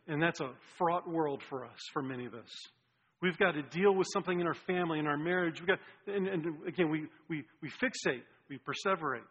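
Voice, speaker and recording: A man preaching a sermon as pastor, earnest, with restarts and swings between loud and hushed delivery. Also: fairly high pitch, breathy edge. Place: church sanctuary. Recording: dull lo-fi sound with long hall reverb.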